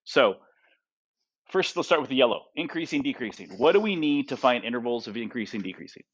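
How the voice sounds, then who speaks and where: A man's voice: mid-range voice, big pitch swings, fairly quick, husky, muffled recording. A man teaching a math class, who keeps asking his students questions and tags his points with "right?" and "okay?". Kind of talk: classroom lecture.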